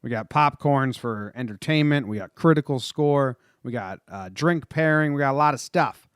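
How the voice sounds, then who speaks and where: A man's voice: medium pitch, moderate pace, clean tone, dry recording, studio quality. A man hosting a casual movie podcast, upbeat and leading the talk. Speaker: podcast host.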